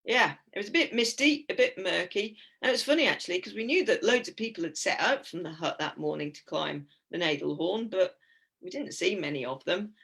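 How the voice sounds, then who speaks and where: A woman's voice: lowish voice, lively intonation, brisk, creaky, a bit bright, breathy edge. An English woman in her fifties gives a chatty, giggly, anecdotal talk with slides as a guest speaker. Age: 50s.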